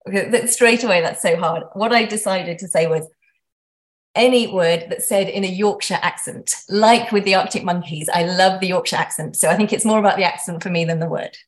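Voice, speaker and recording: A woman's voice: lowish voice, fairly quick. A woman guest in a casual interview, chatty and self-deprecating, often restarting her sentences.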